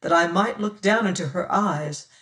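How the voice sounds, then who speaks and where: An audiobook narrator telling a classic adventure novel in the first person, slow and measured. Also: mid-range voice, sharp tone, recorded from a distance.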